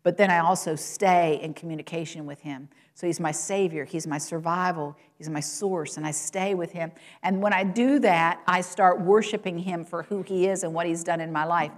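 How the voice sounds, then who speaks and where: A woman with a slightly low voice preaches a sermon to her congregation. She asks them rhetorical questions and moves between raised, high-pitched emphasis and quiet, low remarks. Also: moderate pace, hardly any pauses. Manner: rises in pitch and volume for quoted lines and exclamations, drops low and soft at points.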